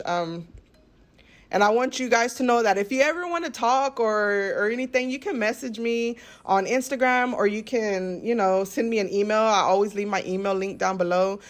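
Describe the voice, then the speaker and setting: Woman in her 30s, earnest rambly vlog voiceover, keeps saying very very, middle pitch. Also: moderate pace. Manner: earnest, rambling, often repeats words like "very, very". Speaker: lifestyle vlogger. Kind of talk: heartfelt voice-over chat.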